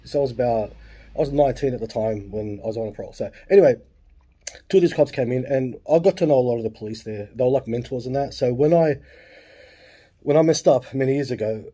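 A man's voice: medium pitch, quick pace, mellow, slightly rough. A man in his late forties with an Australian accent, telling a long story casually, swearing freely and full of asides.

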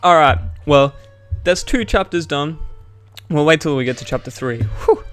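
Young man, gaming commentary, excitable, swears a lot, slightly high voice, faint background music. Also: moderate pace. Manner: excitable, swears freely, talks to viewers. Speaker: gaming YouTuber. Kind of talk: let's play commentary.

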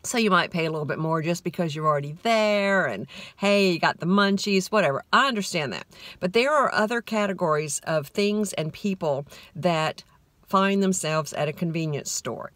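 A woman's voice: fairly low pitch, animated, normal speed, fairly bright tone, dry recording. A middle-aged woman hosting a podcast, rambling through a casual, self-deprecating monologue. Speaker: podcast host.

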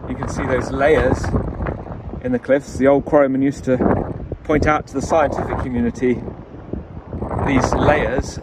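A man giving a relaxed, explanatory walking commentary while fossil hunting outdoors on a beach. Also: mid-range voice. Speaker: fossil hunter vlogger. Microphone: camera mic, wind noise. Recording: wind noise on an outdoor mic.

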